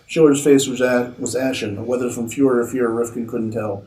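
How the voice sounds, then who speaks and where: A man, an author, reading his own fiction aloud at a convention in a steady narrating manner. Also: mid-range voice, moderate pace, few pauses, a little hiss or hum, poor audio.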